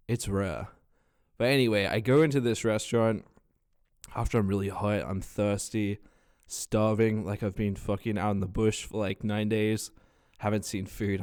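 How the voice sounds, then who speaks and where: A man's voice: on the low side, clear, resonant tone. A young man with an Australian accent telling rambling, swear-filled stories in a casual vlog, his nose stuffed from a cold. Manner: swears a lot, rambling and animated. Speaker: vlogger.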